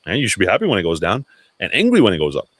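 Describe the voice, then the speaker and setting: A man's voice: low voice, huge pitch swings, rapid-fire, a bit bright, no room sound. A man hosting a casual livestream chat, talking loosely with swearing and restarts. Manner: loose, profane, self-interrupting. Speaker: livestream host.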